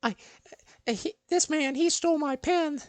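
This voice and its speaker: A man's voice: moderate pace, no echo. A man voicing a whiny little schoolgirl who shrilly accuses someone, in a recording with background hiss. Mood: accusing, whiny. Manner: shrill, pleading.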